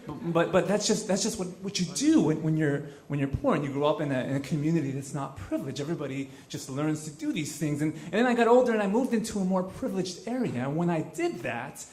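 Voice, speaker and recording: A man's voice: fairly high pitch, expressive, fast talker, few pauses, darkish tone. A man from Los Angeles telling a true story on stage at a live event, earnest and conversational, often restarting his phrases. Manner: earnest and conversational, with frequent repeated starts. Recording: roomy live venue sound.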